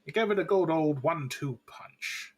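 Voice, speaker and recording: A man running a tabletop game as dungeon master, making brisk, easygoing rules calls. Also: a little high, lively intonation, a little mellow, husky.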